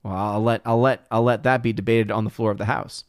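A man hosts a casual livestream, reading chat comments aloud and answering with amused, chatty asides. His voice is fairly low and steady, his pace fairly quick, and the studio recording is clean with no room sound.

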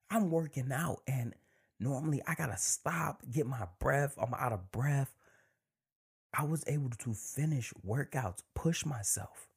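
A man hosting his own podcast, talking in a relaxed, conversational way and sometimes dropping to a near-whisper for emphasis. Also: medium pitch, unhurried, gravelly, slightly rough. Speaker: podcast host. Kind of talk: casual solo podcast monologue.

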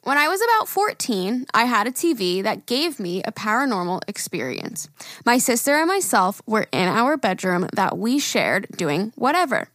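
A woman's voice: on the high side, very animated, moderate pace, a bit bright, dry recording, studio quality. A woman co-hosting a podcast in casual chat, playful, swearing and laughing often. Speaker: podcast co-host. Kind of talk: casual chat, reading listener emails.

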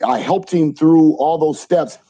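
A middle-aged man, a junior college basketball coach, telling animated stories in an interview and acting out the quotes. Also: a little high, a little slow. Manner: animated storyteller, acts out quotes. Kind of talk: interview storytelling.

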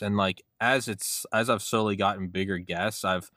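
A man hosting a podcast interview, talking casually in a rambling, excitable way and leaning on "like" as a filler. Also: lowish voice, fairly quick, hardly any pauses, dry recording, studio quality. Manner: rambling, excitable, heavy use of "like". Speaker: podcast host.

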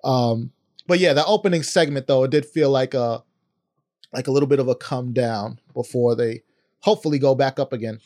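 A man co-hosting a podcast in a casual, animated chat, laughing between his points. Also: mid-range voice, a little fast. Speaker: podcast co-host.

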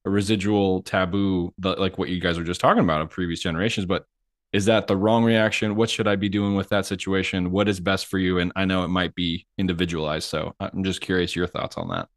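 A man's voice: deep voice, steady tone, fairly quick, dry recording, clean studio sound. A man interviewing a guest on a podcast, asking hedging, self-deprecating questions in a casual way. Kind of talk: casual chat.

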